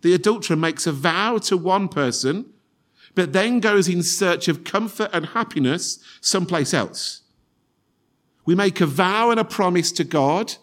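A man's voice: high-pitched, lively intonation, a little slow, a bit bright. A man preaching a sermon in an earnest tone, repeating phrases for emphasis and acting out quoted prayers.

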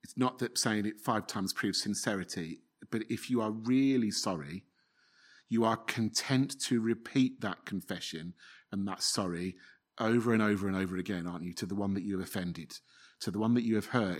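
A man's voice: lowish voice, moderate pace. Earnest man preaching a sermon. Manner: earnest, repeats phrases, asks the audience rhetorical questions.

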